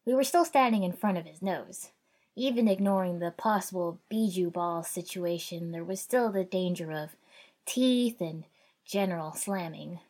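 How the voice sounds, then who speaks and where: A woman narrating a first-person fan fiction story in a wry, conversational way, raising her voice for shouted dialogue. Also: on the low side, normal speed. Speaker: audiobook narrator.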